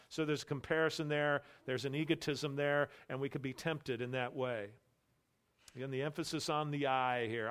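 A man's voice: mid-range voice, steady tone, normal speed, a bit bright. A male pastor preaching an expository sermon, emphatic and repeating his key phrases. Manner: emphatic, repeats key phrases, voices imagined boastful believers.

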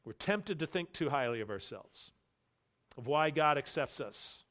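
A man preaching from the pulpit, his voice pitched a little high. He presses his points hard and says the key phrases twice. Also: animated, measured pace, fairly bright tone. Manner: emphatic, repeats key phrases, voices imagined boastful believers. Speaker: pastor. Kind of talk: expository sermon.

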